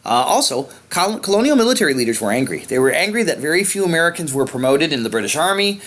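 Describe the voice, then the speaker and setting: A man's voice: a little high, sing-song, quick pace, fairly bright tone. A man teaching a history lesson in a conversational way, with frequent fillers while he points at a map. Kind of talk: informal lecture.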